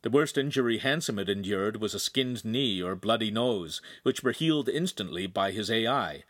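Reading a young adult novel as its audiobook narrator, this man keeps a moderate pace. The studio-quality recording has no room sound, and his lively delivery lifts in pitch for every character's lines.

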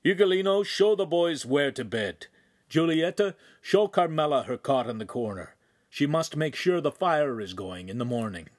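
Guy doing a stern pious master, bossy, slow and raised. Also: on the high side, animated, voice pushed up, lightly acted. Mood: commanding. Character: stern pious older head of household.

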